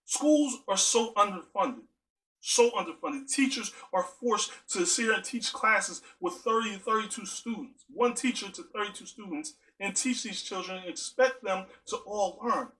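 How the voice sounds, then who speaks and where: A man's voice: high-pitched, moderate pace, sharp tone, low-quality recording. A man giving an earnest spoken monologue, driving his points home with strings of rhetorical questions.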